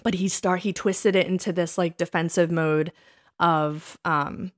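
Animated woman telling dating stories. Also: measured pace. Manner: animated, laughing, quotes herself in a higher voice. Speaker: podcast co-host. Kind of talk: casual storytelling chat.

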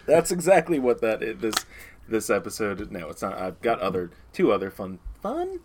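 A man hosting a casual podcast chat, joking and laughing often as he talks with his friends. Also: mid-range voice. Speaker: podcast host.

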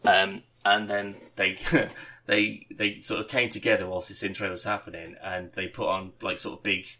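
Bright-voiced man rambling casually. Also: low-pitched, flat delivery, moderate pace, slight background noise. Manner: rambling anecdotes with many fillers and swearing. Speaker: podcast host. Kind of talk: casual chat.

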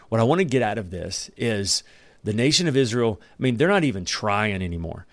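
A man's voice: on the low side, animated, fairly quick, no echo. A man giving a casual Bible lesson, reading verses aloud and breaking in with joking, conversational asides. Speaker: Bible study teacher.

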